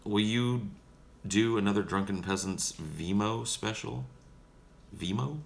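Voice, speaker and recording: A man's voice: on the low side, a little slow, creaky, a little hiss or hum. A young man casually answering viewer questions on a livestream in a profane, joking, laid-back way.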